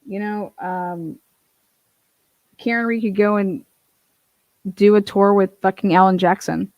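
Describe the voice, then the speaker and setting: A woman's voice: medium pitch, fairly even intonation, unhurried, no room sound, highs cut off. Blunt, incredulous woman streamer. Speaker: livestream commentary host. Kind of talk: casual commentary chat.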